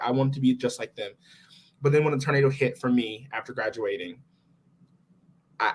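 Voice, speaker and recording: A young man who recently graduated from college speaks as a guest in a casual conversation, recounting his story with animated frustration in a medium-pitched voice.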